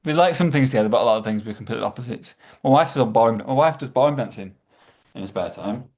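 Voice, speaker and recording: A man's voice: medium pitch, lively intonation, a little mellow. A man chatting casually as a podcast guest, stumbling over his words and repeating himself as he goes. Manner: halting, repeats words, trails off.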